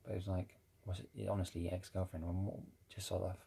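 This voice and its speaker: A man's voice: low voice, level tone, quick pace, vocal fry, warm tone, breathy edge. A man telling a rambling, casual story about his family, swearing now and then. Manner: rambling, with many restarts and swearing. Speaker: ex-Jehovah's Witness vlogger.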